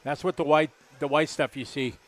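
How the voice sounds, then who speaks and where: A man in his fifties chats his way through race commentary, his voice sitting a little high. He rambles and jokes easily, relaxed and friendly with his co-host. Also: moderate pace. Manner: chatty, rambling, jokey. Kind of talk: casual live commentary chat.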